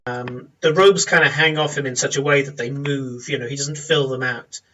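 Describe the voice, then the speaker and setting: A man narrating a tabletop game as game master, descriptive and unhurried, with many small pauses and fillers. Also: medium pitch, steady tone, fairly bright tone, far from the mic, muffled recording.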